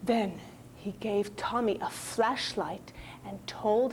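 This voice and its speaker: A woman telling a children's story, slow and expressive, sometimes dropping to a whisper. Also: mid-range voice, slight background noise, low-quality recording.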